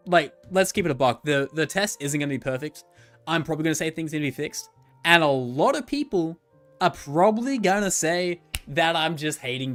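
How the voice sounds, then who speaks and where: Faint music plays behind a man with a fairly high, slightly bright voice doing casual livestream commentary on gacha games. He rambles, jokes and swears freely.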